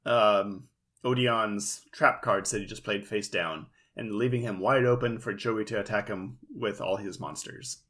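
A man co-hosting a casual podcast, explaining the plot of an anime episode in a relaxed, steady way. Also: lowish voice, unhurried. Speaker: podcast co-host.

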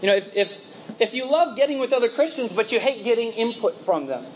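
A man's voice: extremely high pitch, lively intonation, brisk, slight background noise, poor audio. A young man preaching a conversational sermon, full of rhetorical questions and laughing asides, with a mixed accent. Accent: mixed, from working in a multinational office.

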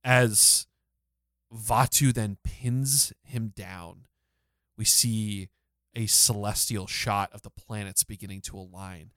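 A man's voice: on the low side, fairly even intonation, takes it slowly, fairly bright tone, no room sound. A man co-hosting a podcast, retelling a scene in close detail with enthusiasm. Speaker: podcast co-host. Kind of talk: casual recap discussion.

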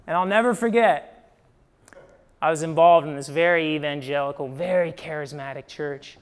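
A young male preacher from Ohio delivers his sermon like a story told to friends. His voice sits high and sounds smooth and resonant. He punctuates points with "right?" and moves between emphatic swells and hushed drops. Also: a little slow. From Midwest US, Ohio. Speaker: pastor.

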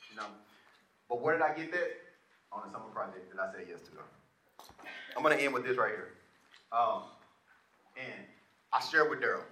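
A man telling a personal testimony to a live audience in an animated, slangy, conversational way, often calling the crowd "y'all". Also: mid-range voice. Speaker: speaker sharing a personal testimony. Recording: echoey room, faint noise.

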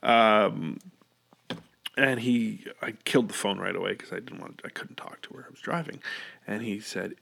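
Middle aged guy rambling thru stories, swears a lot, lots of ums, gets excited. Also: lowish voice, brisk, vocal fry, husky. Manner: rambling, profane and enthusiastic, many fillers. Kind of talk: casual storytelling monologue.

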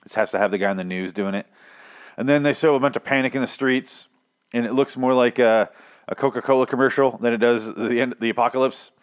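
A man's voice: medium pitch, brisk, clear, resonant tone. A young man casually recapping a TV episode, rambling, swearing often and stumbling over his words while poking fun at himself. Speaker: TV recap podcaster.

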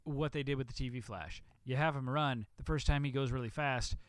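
A man's voice: mid-range voice, brisk, background noise. A man co-hosting a podcast, chatting casually and rambling, swearing often as he retells things. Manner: profane, rambling, animated retelling. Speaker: podcast co-host. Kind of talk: casual chat.

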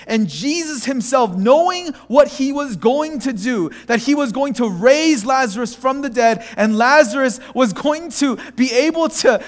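A male pastor delivers an impassioned sermon in a strikingly high voice. He moves between quiet, slowed passages and louder, pleading ones, and now and then acts out the voices of people in the story. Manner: impassioned, swinging between hushed and raised.

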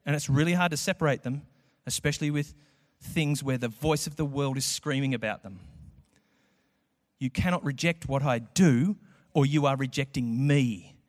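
A man's voice: medium pitch, moderate pace. A man preaching a sermon in a church, conversational and acting out quotes. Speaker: pastor. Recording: echoey hall with long reverb.

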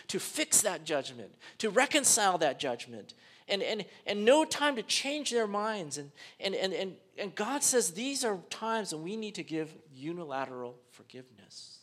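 A pastor preaching a sermon, animated, dropping to a hush and then rising loud as he acts out rude strangers. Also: high voice, slightly rough.

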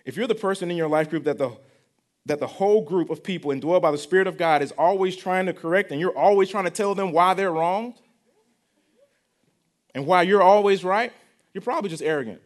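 High-voiced pastor preaching conversationally. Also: male voice, a little fast. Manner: conversational preaching with repeated phrases and rhetorical questions. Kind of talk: sermon.

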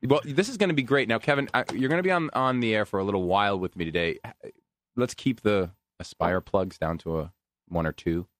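An American man hosting a sports radio talk show, ranting and joking in an animated, self-mocking way. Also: lowish voice, a little fast, no room sound.

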